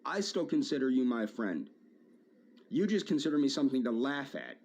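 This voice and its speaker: A man's voice: medium pitch, big pitch swings, moderate pace, darkish tone. A man in a video rant, hurt and aggrieved, repeating his phrases as he addresses a former friend.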